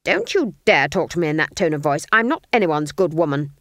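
A woman reading the part of a stern, proud old female witch, speaking flatly with clipped, cutting lines. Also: deep voice, fairly quick, dry recording, studio quality, full character voice. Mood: scornful.

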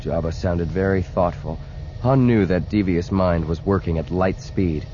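A man reading a story aloud in scripted narration, steady, with quiet, clipped lines for the hero. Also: sits low, unhurried, slight background noise. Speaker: audiobook narrator. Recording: dry, dull lo-fi audiobook recording.

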